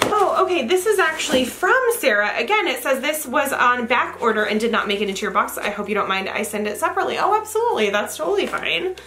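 A young adult woman vlogger opening fan mail in a gushing, excitable chat, often laughing. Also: on the high side, quick pace, hardly any pauses, noisy background. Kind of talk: casual unboxing chat.

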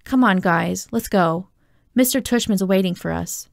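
A woman voicing a calm, bold boy who talks in a laid-back, slangy way. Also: medium pitch, a little slow, vocal fry, no room sound, studio quality. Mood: boyish swagger.

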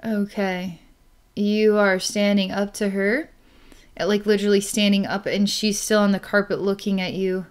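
Woman, psychic reader, narrating a session, rambling, fillers and restarts, smooth resonant voice. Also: medium pitch. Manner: breaks into light laughs.

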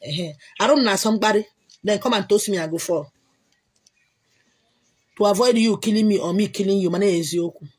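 Nigerian lady chatting on a live stream, kinda breathy voice, loud bursts, repeats herself a lot. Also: medium pitch, fairly quick, pauses often. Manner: emphatic, repetitive, bursts of loud exclamation. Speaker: livestream host answering comments. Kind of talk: casual chat.

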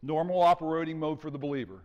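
A male pastor preaching a sermon in an animated way, acting out the scenes. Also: fairly high pitch, fast talker, in a large hall, lo-fi sound. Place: church sanctuary.

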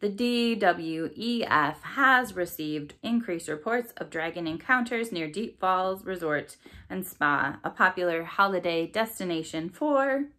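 A posh newscaster with a nasal, droning voice, read by a woman. The tone is bright and crisp in a storybook read-aloud, sitting a little low in pitch. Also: animated, measured pace. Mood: announcing.

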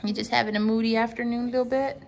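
A young mother at home gently coaxing and soothing her upset toddler with sing-song questions. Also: a little high, level tone, rapid-fire, vocal fry, slight background noise. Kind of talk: soothing parent talk to a child. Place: home, at a table.

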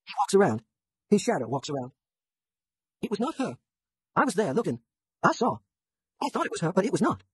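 A woman narrates a novel as an audiobook, racing through the first-person prose at a hurried clip. Her voice is breathy and husky and sits fairly low, and the recording is dry and close. She slips into a rural dialect for the characters' lines. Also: very animated, dry recording, rough recording. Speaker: audiobook reader.

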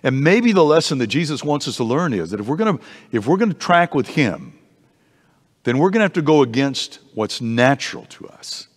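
A man teaching an adult Bible class in a church, conversational and animated, often restarting his sentences, in a reverberant hall. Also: medium pitch, a little fast.

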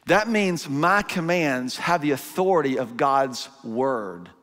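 A man's voice: fairly high pitch, animated, slow, fairly bright tone, big-room sound. A middle-aged man preaching a conversational sermon, acting out parents and children as he goes. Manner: conversational, acts out parents and kids in asides. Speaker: pastor. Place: church auditorium.

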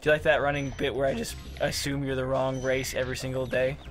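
A man's voice: little pitch movement, fast, a bit bright, faint music behind. A man joking around while commenting on a video game with a friend, in goofy casual banter. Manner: goofy, jokey, swoops in pitch. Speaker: let's play commentator.

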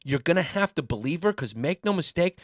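A man co-hosting a crude comedy podcast, tossing in quick, sarcastic jokes. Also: fairly high pitch, expressive, dry recording, clean studio sound. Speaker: podcast co-host.

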